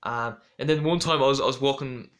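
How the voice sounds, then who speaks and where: A man's voice: mid-range voice, fairly quick, a bit bright. A young man rambling through a casual storytelling monologue with lots of fillers and restarts. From Ireland. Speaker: vlogger.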